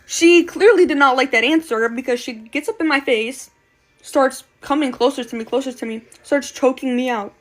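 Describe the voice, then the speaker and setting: Casting note: woman with a higher-pitched voice, casual storytime vlogger, blunt and slangy, swears a lot. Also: normal speed. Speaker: storytime creator.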